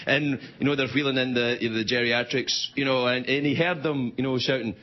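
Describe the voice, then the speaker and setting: Rambling late-night host. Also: male voice, mid-range voice, fairly even intonation, a little fast. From Scotland. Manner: rambling, self-mocking storytelling. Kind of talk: stand-up comedy monologue. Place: TV studio before a live audience. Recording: dull TV recording with loud audience.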